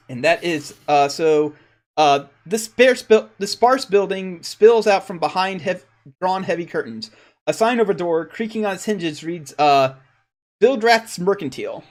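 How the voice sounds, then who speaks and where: A man's voice: a little high, expressive, unhurried. A man narrating as game master of a tabletop game, rambling a little as he describes scenes and calls for rolls. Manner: rambling, with fillers and restarts.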